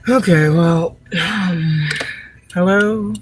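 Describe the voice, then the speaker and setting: A woman's voice: lowish voice, drawn-out words, a little hiss or hum, low-quality recording. A woman chatting casually on a live stream while driving, profane and rambling, laughing often. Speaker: spiritual vlogger. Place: in a car, driving. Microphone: phone.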